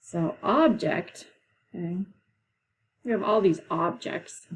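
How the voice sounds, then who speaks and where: A woman teacher leading a classroom lesson, explaining patiently and slowly, with frequent "okay"s. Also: on the low side, slight background noise, rough recording. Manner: slow, patient, drawn-out explanations.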